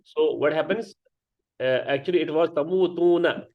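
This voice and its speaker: A man's voice: fairly high pitch, normal speed. A man teaching a grammar class, explaining step by step and often checking with students. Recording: dull lo-fi sound.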